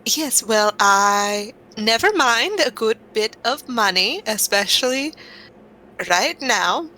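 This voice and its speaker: A woman's voice: fairly high pitch, expressive, slow, pushed and bright, heavily acted, low-quality recording. Woman playing a haughty half-drow dandy. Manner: haughty, teasing. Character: vain, cagey rich male half-drow dandy.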